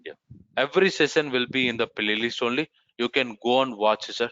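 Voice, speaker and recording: A man's voice: medium pitch, fairly quick, a bit bright, dry recording. A man teaching a live online course, answering students and calling them sir and ma'am. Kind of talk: live class Q&A. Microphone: video call. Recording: muffled online meeting audio.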